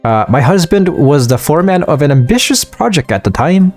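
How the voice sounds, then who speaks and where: A man's voice: a little high, sing-song, brisk, darkish tone, soft background music. A man reading the lines of a poised, gracious dwarf woman in a fantasy game, using his own voice.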